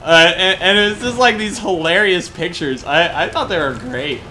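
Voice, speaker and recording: A young man from Colorado, a game caster telling rambling, excited stories between plays in casual chat, with frequent swearing. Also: sits high, moderate pace, slight background noise. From Colorado, USA. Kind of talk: casual storytelling during a game broadcast.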